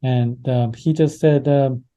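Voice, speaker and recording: A man recounting events in an interview, his tone deep, mellow and dark. He speaks haltingly, pausing on fillers and restarting his sentences as he goes. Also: steady tone, dull audio. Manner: hesitant, many fillers and restarts. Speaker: interview guest. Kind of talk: casual interview storytelling.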